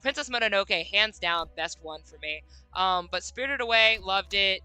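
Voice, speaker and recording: A woman's voice: medium pitch, normal speed, bright, forceful tone, smooth, no room sound, soft background music. A woman game streamer chatting casually and bubbly with her viewers, often breaking into giggles.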